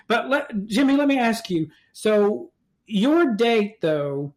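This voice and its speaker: A man hosting an interview, asking earnest questions in a halting way. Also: sits high, very animated. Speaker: podcast host. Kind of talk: interviewing a guest.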